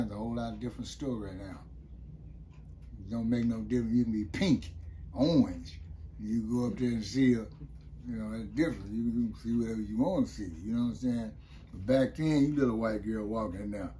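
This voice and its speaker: A man's voice: mid-range voice, a little fast, warm tone, slight background noise. An older man, telling about his time in prison in a loose, rambling way and often asking "you know what I mean". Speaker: interview guest, former prisoner. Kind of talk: casual storytelling interview.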